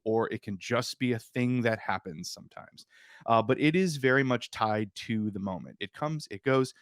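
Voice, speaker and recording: Man explaining in a relaxed interview, dry. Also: mid-range voice, no room sound. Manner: explanatory, warm enthusiasm, frequent fillers. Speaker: author and guest. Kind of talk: casual interview chat.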